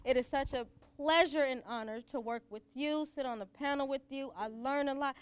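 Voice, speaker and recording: A woman's voice: sits high, a little fast, no echo. A woman hosting a talk show, outspoken and playful, gushing with praise for her guests. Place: school venue.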